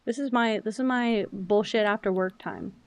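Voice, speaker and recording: This is casual gaming chatter from a young adult woman streamer, open and lively, who admits she's loud and yappy. Her voice is mid-range and her speed normal.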